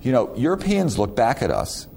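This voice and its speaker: A man's voice: medium pitch, huge pitch swings, normal speed, gravelly, dark tone, slight background noise. A middle-aged man giving a conversational university lecture, asking rhetorical questions and stumbling over repeated words. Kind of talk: recorded lecture to students.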